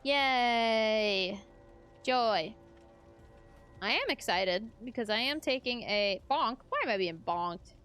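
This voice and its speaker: A woman's voice: on the high side, lively intonation, normal speed, few pauses, fairly bright tone, faint music behind. Chatty laughing young woman streamer. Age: young adult. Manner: chatty, laughs often, talks back to chat. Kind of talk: casual live-stream chat while gaming.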